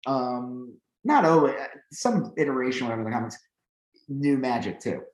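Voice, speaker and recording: A man's voice: mid-range voice, moderate pace. Rambling man in an echoey room. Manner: rambling, filler-heavy, animated when excited. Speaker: podcast co-host. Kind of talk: casual chat.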